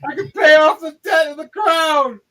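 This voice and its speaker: A man's voice: very high-pitched, normal speed, bright, forceful tone, pitched above the performer's own voice. A man voicing a greedy, gleeful male king who shrieks and gloats in a tabletop game. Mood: gloating.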